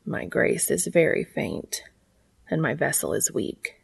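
A woman reading aloud, voicing a weakened male angel who speaks slowly and softly. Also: sing-song, creaky, breathy edge, dry recording, exaggerated voice. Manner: slow, low, soft-spoken. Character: weakened male angel, calm and deep-voiced.

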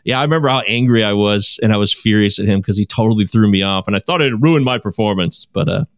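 A man in his forties, a guest in a casual chat, telling stories with animated, self-mocking humor. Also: on the low side, quick pace, clean tone, no room sound, studio quality.

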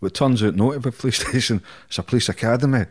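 A middle-aged Scottish man, appearing as an interview guest, tells casual stories bluntly, swearing heavily and chuckling through his anecdotes. He speaks at a racing pace in a medium-pitched voice, recorded with studio quality and no echo.

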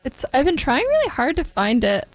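A woman's voice: sits high, moderate pace, no echo, low-quality recording. A young woman hosting a college radio show in a studio, chatting casually with lots of fillers and easy laughs. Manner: relaxed, filler-heavy, giggly. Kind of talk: casual on-air chat.

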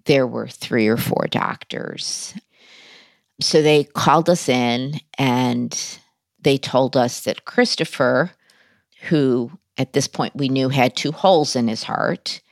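Low gravelly woman talking slow, candid and a bit wry, dry close sound. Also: no echo. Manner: candid, conversational, self-deprecating humor. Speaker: interview guest. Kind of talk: personal storytelling in an interview.

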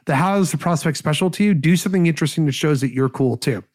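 A man talking as a podcast guest, giving casual sales advice in an energetic, rambling way. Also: on the high side, fast.

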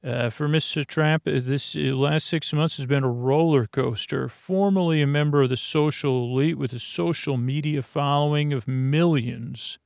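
A man voicing a bumbling male field reporter who rushes a live report and keeps getting flustered. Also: fairly high pitch, creaky, a little mellow, dry recording, studio quality. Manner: rushed, flustered newsreader delivery.

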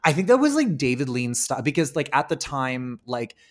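A podcast co-host with a medium-pitched, sing-song voice talks a little fast about films in a casual way. His speech is full of "like" and "um," with the occasional swear word.

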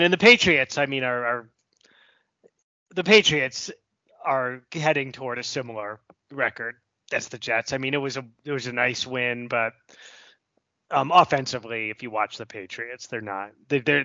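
Podcast host guy, bright punchy voice, jokes and laughs a lot, muffled dry sound. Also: mid-range voice, no room sound. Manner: chatty and joking, laughs often. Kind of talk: casual sports chat. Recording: slightly muffled lo-fi podcast audio.

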